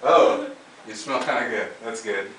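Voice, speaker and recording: A man's voice: mid-range voice, normal speed, echoey room, far from the mic, a crowd in the background, poor audio. A man coaching a trainee, acting out lines and laughing as he demonstrates. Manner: animated, demonstrative, laughs often. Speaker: dating coach.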